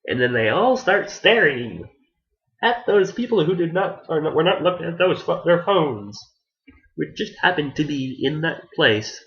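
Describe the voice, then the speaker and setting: A man's voice: a little high, big pitch swings, a little slow, fairly bright tone, dull audio. A man giving a casual, rambling anime review who restarts his sentences often and swears offhandedly.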